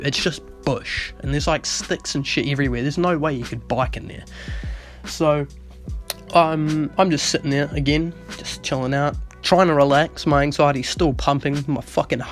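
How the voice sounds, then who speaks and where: A young man telling a rambling story in a casual vlog, swearing heavily and getting animated. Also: mid-range voice. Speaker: vlogger.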